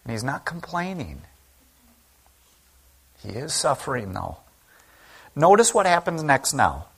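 A man's voice: fairly high pitch, sing-song, a little slow, creaky, breathy edge. A man, a pastor, preaching a sermon in an earnest, conversational way at a church service. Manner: conversational, earnest preaching that acts out quoted speech.

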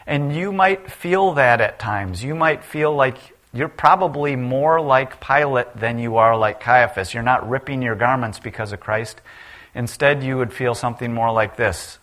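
A man preaching a sermon and reading scripture aloud. He gets loud at the cries and drops low and quiet on the key lines. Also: a little slow.

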